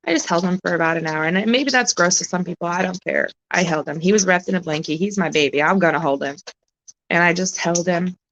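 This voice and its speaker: A woman chatting on a live stream, close to tears, halting and emotional, swearing often as she talks. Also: on the low side, fairly bright tone, lo-fi sound, a little hiss or hum. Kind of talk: casual live-stream chat.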